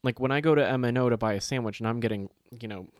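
A man's voice: medium pitch, very fast, no room sound, studio quality. A man, co-hosting a casual chat and telling stories animatedly, swearing freely and acting out other people's lines.

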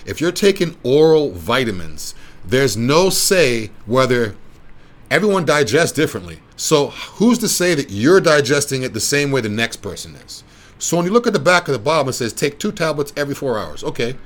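A man in mid-range pitch gives a casual, rambling pitch, circling back and repeating himself as he pushes his point. His delivery sounds unscripted and conversational, as if he is talking with clients and not giving a speech. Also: very animated, normal speed. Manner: rambling, repetitive, persuasive. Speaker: wellness clinic presenter. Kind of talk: casual explanatory talk.

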